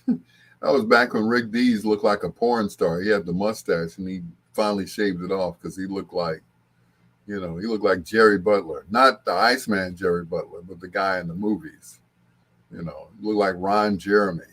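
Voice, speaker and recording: An older man hosting a late-night show, chatting casually and rambling with frequent chuckles. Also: lowish voice. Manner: chuckling, rambling, bursts into sung snippets. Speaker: host.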